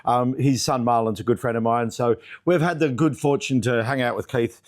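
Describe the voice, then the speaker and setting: A man's voice: medium pitch, moderate pace. A man hosting a cooking chat, dropping dry teasing quips while he cooks. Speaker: cooking show host. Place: kitchen.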